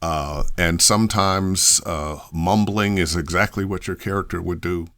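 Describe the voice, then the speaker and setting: Very low-voiced man giving casual advice. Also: measured pace. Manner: relaxed, thinking aloud with many fillers and restarts. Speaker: voice acting coach answering questions.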